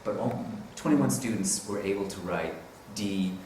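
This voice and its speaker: In a lowish, slightly mellow voice and at a measured pace, a man presents at a teaching conference. His manner is casual and rambling, punctuated by chuckles and frequent self-corrections. The conference room audio is roomy, from a distant mic with faint hiss.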